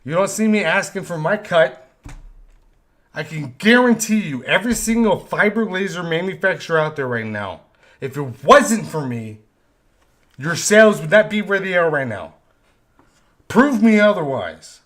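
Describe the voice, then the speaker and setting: A man's voice: high-pitched, very animated, moderate pace, a bit bright. A man ranting on a live stream, frustrated and profane, often repeating himself. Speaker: live stream host, vector artist.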